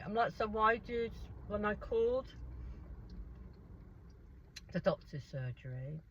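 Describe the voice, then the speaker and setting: A woman eating snacks on camera and chatting casually, animated and swearing freely as she tells stories and mimics people. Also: medium pitch, slow, long pauses. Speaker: food vlogger. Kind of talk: casual eating vlog with story time. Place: car. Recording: dull lo-fi sound, faint noise.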